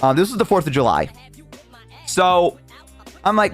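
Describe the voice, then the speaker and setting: Young guy streamer rambling a story, kinda high voice, super animated, swears a lot, faint music behind. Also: measured pace. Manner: rambling, lots of fillers and swearing. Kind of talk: casual storytelling.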